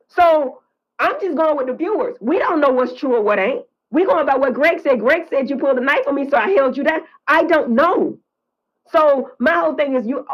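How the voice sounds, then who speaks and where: In a heated podcast conversation, an older woman appearing as a reality TV guest speaks bluntly and emotionally, swearing freely and rambling. Her voice is high-pitched and the audio is lo-fi.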